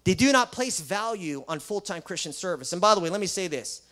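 A man's voice: high-pitched, expressive, brisk, fairly bright tone. A man who is a Christian school principal, preaching an emphatic sermon full of rhetorical questions and sarcastic asides.

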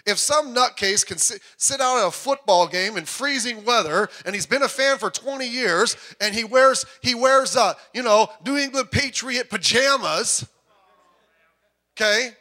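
High-voiced, lively man preaching. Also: unhurried. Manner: animated, joking, with sudden loud outbursts; puts on voices when quoting people. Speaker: pastor. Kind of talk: sermon.

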